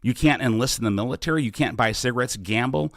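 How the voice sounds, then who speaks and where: A man's voice: mid-range voice, fast talker, a bit bright, no room sound, clean studio sound. A middle-aged man hosting a live question-and-answer podcast, speaking earnestly and often restarting his sentences. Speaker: podcast host and political candidate. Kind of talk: live Q&A, casual campaign talk.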